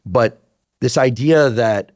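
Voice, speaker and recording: A man's voice: mid-range voice, takes it slowly, dry recording, clean studio sound. A man in his fifties hosting an interview, talking casually with restarts and blunt opinions. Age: 50s. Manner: talkative, thinks aloud with restarts, blunt opinions. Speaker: podcast host.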